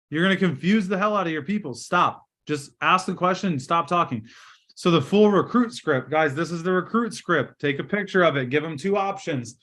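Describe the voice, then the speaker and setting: A middle-aged man leads a sales training over a video call, his voice sitting a little high for a man. He talks fast and direct, pushing energy and acting out sample phone lines, and his sound comes through a computer mic in a hotel room. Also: a bit bright. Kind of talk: live online training session.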